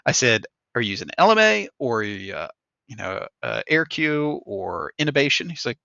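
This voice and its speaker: A male podcast host tells stories in an easy, chatty way and acts out the voices of the people in them. His voice has a bright, forceful edge. The sound is dry and somewhat dull, like a lo-fi recording. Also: mid-range voice, moderate pace, creaky, pauses often, no echo. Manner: animated storyteller acting out others' lines with laughs. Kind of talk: casual chat, storytelling.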